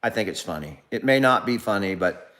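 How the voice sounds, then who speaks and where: A man's voice: lowish voice, expressive, a little fast, fairly bright tone. A man hosting a casual livestream, rambling through jokes and loose asides. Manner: rambling, full of fillers and restarts, joking. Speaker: livestream host.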